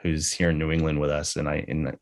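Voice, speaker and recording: A man's voice: a bass voice, monotone, brisk. A man telling a personal story in tribute at a memorial gathering, candid and conversational, with casual swearing. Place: live gathering with people present.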